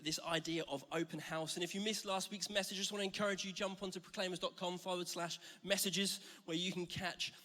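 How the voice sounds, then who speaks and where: Bright, high-voiced man preaching in a hall. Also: little pitch movement, a little fast, few pauses. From Scotland. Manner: chatty, joking, self-deprecating storytelling. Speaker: church speaker. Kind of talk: sermon. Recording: reverberant hall.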